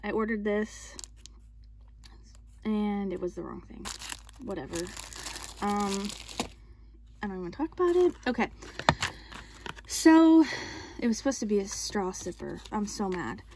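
A young woman in a casual haul vlog, chatting and gushing excitedly as she shows what she bought. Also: mid-range voice, a little slow, pauses often. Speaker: vlogger showing her purchases. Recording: clear background noise.

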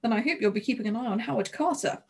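A nervy, polite young gentleman who stumbles a little over his words, played by a woman in an audiobook. The voice stays breathy and mild. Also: a little high, very fast. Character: thin, unsettled young Englishman.

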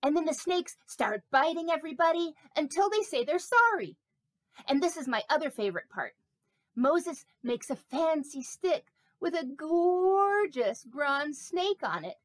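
A woman's voice: high-pitched, expressive, a little slow, no echo. A woman voicing a vain, chatty, silly snake puppet in a children's sermon, talking playfully with rambling asides. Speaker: pastor.

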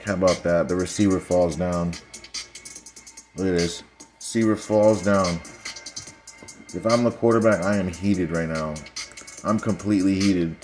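A young man casually breaking down football highlights for viewers, analytical and sarcastic, talking straight to the audience. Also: darkish tone. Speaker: football video commentator.

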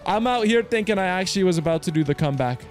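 A man hosting his own channel, commenting excitedly to viewers with slang, swearing and loud outbursts. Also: sits high, very fast, faint music behind. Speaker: slots streamer host.

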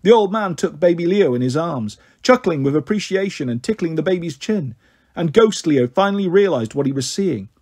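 A man narrating an audiobook in a steady storytelling manner. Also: fairly high pitch, moderate pace, slightly rough. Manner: steady storytelling, voices the characters' lines. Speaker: audiobook reader.

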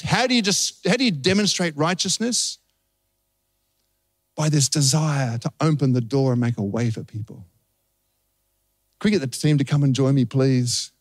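A man's voice: a little high, no room sound. A man with an Australian accent, a pastor preaching a sermon and telling a story with acted-out voices. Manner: animated storytelling, acting out voices.

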